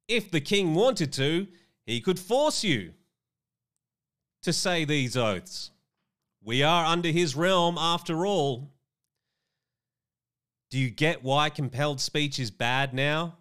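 A man's voice: on the high side, animated, takes it slowly, long pauses, fairly bright tone. A man reading news aloud and adding smug, mocking commentary.

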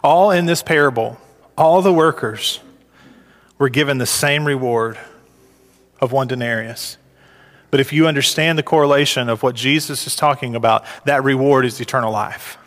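A man preaching a sermon, his voice climbing high and loud when he acts out complaining workers. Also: moderate pace, in a large hall. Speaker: pastor.

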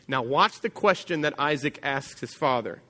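A pastor preaching a sermon in a church, telling a story conversationally and dropping to a quiet voice for emphasis. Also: male voice, a little high, animated, moderate pace, big-room sound.

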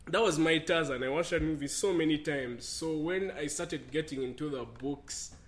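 A man chatting casually as a co-host, telling a story in a loose, rambling way. His voice sits a little high, and it swings up in pitch whenever he gets excited. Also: moderate pace. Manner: rambling, animated storytelling with many fillers. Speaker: podcast co-host. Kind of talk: casual chat.

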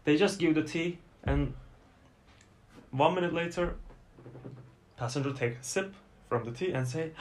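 A man's voice: on the high side, measured pace, pauses often, slight background noise. A Turkish man with a Turkish accent, chatting in an interview about his airline work, storytelling with many fillers and acted-out quotes. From Turkey. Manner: storytelling, acts out passengers' lines, many fillers. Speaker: flight attendant guest. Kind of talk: casual interview chat.

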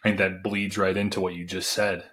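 A man's voice: sits low, level tone, brisk, a bit bright. A man hosting a podcast, asking a loose, searching question full of fillers. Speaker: podcast host. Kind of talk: interview question.

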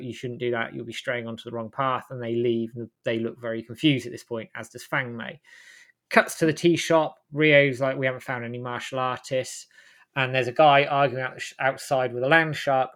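A man hosting a casual chat, walking through a story scene by scene in a loose, rambling way. He stops mid-sentence to correct names and details as he goes. His voice sits at an ordinary middle pitch. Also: fairly bright tone. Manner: rambling, self-correcting plot retelling. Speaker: host recapping a game.

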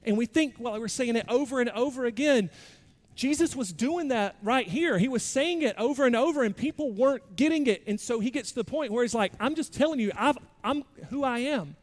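High-voiced pastor preaching in a hall. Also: male voice, animated, brisk. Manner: conversational, self-deprecating preaching with shifting loudness. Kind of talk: sermon.

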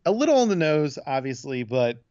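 A man's voice: mid-range voice, very animated, fairly quick, mellow, clear, resonant tone, dry recording, highs cut off. A man chatting casually as a podcast host, rambling through a retelling of a TV episode and loosely acting out the quotes. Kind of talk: casual chat recapping a TV episode.

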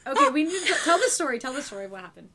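Young woman, co-host, fairly high voice, jokey interjections, chatter behind. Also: big pitch swings. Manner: chiming in, quick jokes. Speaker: podcast co-host. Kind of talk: casual chat.

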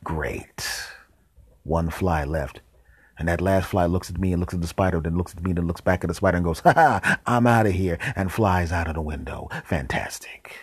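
A man with a very deep, husky voice tells an absurd story in a dry deadpan, now and then dropping to a whisper for an aside. The sound is close and dry, with no room around it. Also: no room sound. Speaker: podcast host. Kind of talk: comic storytelling.

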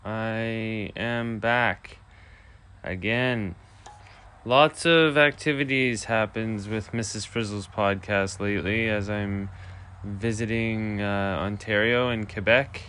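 A man's voice: lowish voice, takes it slowly, bright, forceful tone, slight background noise. A man hosting a casual solo podcast from an empty house, rambling loosely with lots of filler words. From Canada. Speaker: podcast host.

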